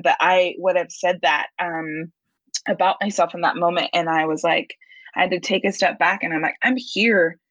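Young woman podcast guest, lowish voice, animated storyteller, close dry mic. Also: no room sound, rough recording. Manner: animated, acts out her own quoted reactions. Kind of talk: casual storytelling.

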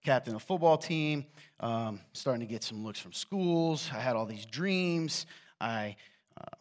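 A man's voice: mid-range voice, expressive, measured pace. A middle-aged man from Eastern Kentucky with a slight Southern Appalachian accent, preaching a sermon in a conversational storytelling way with self-deprecating humor. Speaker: pastor.

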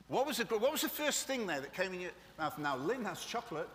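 A man's voice: high voice, big pitch swings, fast, few pauses, background noise. A man preaching a live sermon to his congregation, chatty and joking as he speaks straight to the room. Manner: jokey, chatty preacher who addresses the room directly. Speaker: pastor. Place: church hall with live audience. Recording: long hall reverb.

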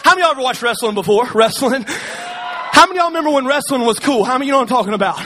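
A man from Alabama speaking on stage to a live audience, telling his story with humor, energetic and often shouting, firing quick questions at the crowd. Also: very high voice, slight background noise.

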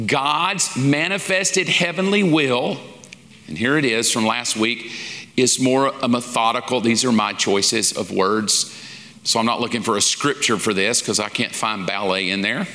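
Speaking a little slowly with medium pitch and a sharp tone, a pastor gives a conversational sermon as part of a lesson series. He's folksy and informal, performing short quoted asides, recorded with the long reverb of a large hall.

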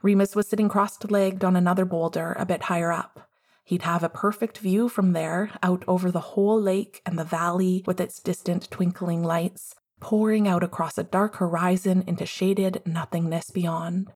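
A woman reading a fan story aloud in a calm, measured way. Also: fairly low pitch, husky. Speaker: audiobook reader. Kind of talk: storybook narration.

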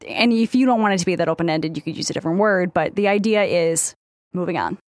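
A woman's voice: lowish voice, quick pace, dry recording, clean studio sound. A woman co-hosting a casual advice podcast, thoughtful and complimentary. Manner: warm-hearted, thoughtful, complimentary. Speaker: podcast co-host.

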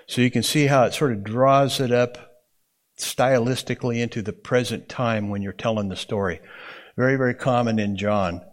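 A man's voice: mid-range voice, fairly even intonation, moderate pace. A man teaching a Bible interpretation class to students in a classroom. He talks conversationally and keeps checking in with "okay?".

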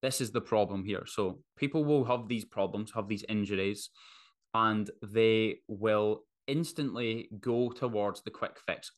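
Blunt, sweary man, lowish voice. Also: fairly even intonation, normal speed, a bit bright. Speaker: podcast host. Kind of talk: solo podcast monologue.

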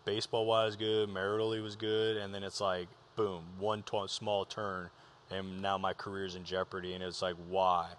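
A man's voice: deep voice, flat delivery, normal speed, a bit bright, a little hiss or hum. A young man, a pro ballplayer, talking candidly and earnestly about his faith with many restarts. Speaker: professional baseball player, guest.

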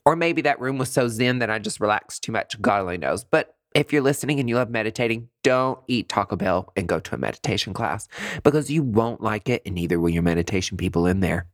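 Animated, laughing podcast storyteller. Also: medium pitch, a little fast, no echo, studio quality. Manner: animated, laughs often, chatty. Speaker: podcast host. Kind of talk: casual comedic storytelling.

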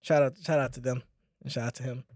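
A man's voice: medium pitch, steady tone, quick pace, a little mellow, no room sound, clean studio sound. A man co-hosting a sports podcast, laid-back and playful in casual chat. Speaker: podcast co-host.

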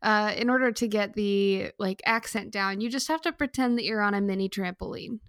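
A woman's voice: mid-range voice, a little fast, fairly bright tone, no room sound. Playful teasing woman co-host. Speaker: podcast co-host. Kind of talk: casual chat.

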